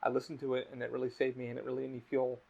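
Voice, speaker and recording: A man's voice: mid-range voice, completely flat delivery, very fast, gravelly, husky. A man hosting a podcast in casual chat, talking candidly and rambling, swearing a lot. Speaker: podcast host. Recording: dull lo-fi audio.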